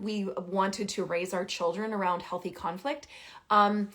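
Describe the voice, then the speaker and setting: A woman giving parenting advice in a live stream, talking emphatically and repeating key phrases, with big jumps in pitch and loudness. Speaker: parenting coach.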